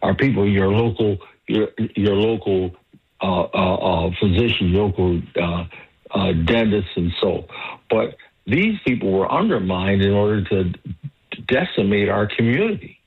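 A male caller on a radio talk show, speaking passionately but haltingly, with many restarts and repeated words. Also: lowish voice. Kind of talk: passionate call-in commentary. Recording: husky phone line.

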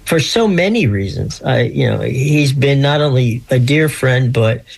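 A man in his sixties calls in as a guest and wanders through his stories. He restarts his sentences often and slips small laughs into what he says. His voice has a plain middle pitch and comes over a phone line. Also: expressive, measured pace, vocal fry, husky. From Pennsylvania. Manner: rambling storyteller, many restarts, laughs often. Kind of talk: casual chat.

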